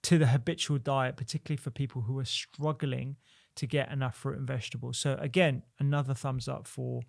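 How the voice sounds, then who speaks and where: Man, gravelly voice, doctor host, measured explainer, stumbles on repeats. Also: mid-range voice, steady tone, darkish tone. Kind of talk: solo explainer reviewing research.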